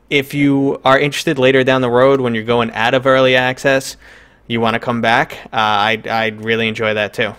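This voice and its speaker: Hosting a relaxed live stream, a man with a New York accent jokes around and talks loosely, filling gaps with fillers. His medium-pitched voice is a bit bright and clean.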